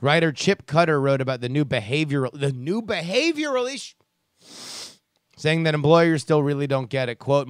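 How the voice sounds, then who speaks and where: A man's voice: on the high side, lively intonation, a little slow, long pauses, smooth, no echo, studio quality. A man hosting a casual commentary show who rants in a sarcastic, profane way and reads listener emails. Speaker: podcast host reading listener emails.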